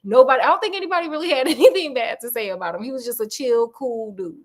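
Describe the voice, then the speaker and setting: A woman's voice: high-pitched, fast. A woman hosting a storytelling show, retelling a classic detective tale in a chatty, slangy, digressive way. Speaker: storytelling host.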